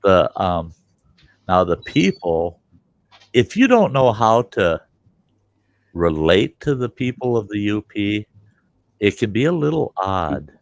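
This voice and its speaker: A middle-aged man hosts a livestream, spinning rambling, colorful anecdotes in a folksy chat and acting out what people said. His voice sits on the low side with big pitch swings, and he speaks slowly with frequent pauses. There's no room sound.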